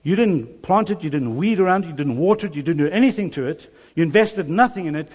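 A man delivering a sermon, retelling scripture with animated storytelling and voicing the characters' words. His voice sits a little high for a man. The sound carries a long reverb from a large church hall. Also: fast, hardly any pauses, slightly rough. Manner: animated storytelling, acts out biblical dialogue, chuckles often. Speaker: preacher.

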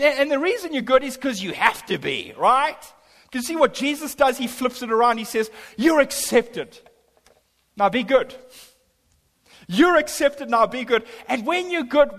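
A man's voice: very high voice, a bit bright. A middle-aged man preaching a sermon as pastor, his voice swelling on key lines. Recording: long hall reverb.

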